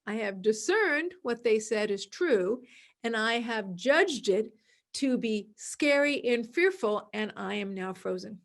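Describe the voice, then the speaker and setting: A woman hosting a podcast, explaining an idea calmly and repeating her key words, sometimes acting out other people's voices. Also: a little high, slow pace. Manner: acts out quoted voices in a dramatic, excited tone. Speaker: podcast host. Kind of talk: solo podcast talk.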